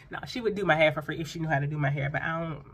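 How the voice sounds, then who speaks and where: A woman vlogging in a chatty, animated way, full of quick asides to her viewers. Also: low-pitched, breathy edge. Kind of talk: casual vlog chat.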